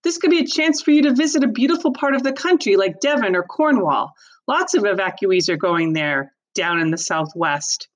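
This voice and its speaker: A woman's voice: medium pitch, animated, moderate pace, lightly acted. Woman reading as a strict, sensible father. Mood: firm.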